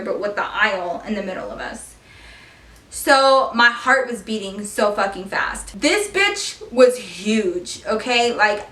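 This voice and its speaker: A young woman in her twenties casually telling a story on her vlog, animated and swearing freely. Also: on the high side. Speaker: beauty vlogger telling a story. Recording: echoey room, far from the mic.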